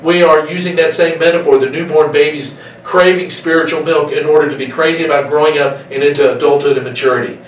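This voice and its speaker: A man preaching in a roomy, reverberant space, his voice coming from some distance off the mic. He is emphatic, drawing out the key phrases slowly. Faint room ambience sits underneath. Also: fairly high pitch, steady tone, slight background noise. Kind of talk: sermon.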